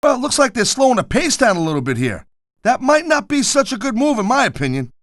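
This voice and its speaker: A man's voice: very high-pitched, sing-song, fast talker, a bit bright, no room sound, studio quality. A middle-aged man doing color commentary for a wrestling video game, blunt and wisecracking with tough-guy slang.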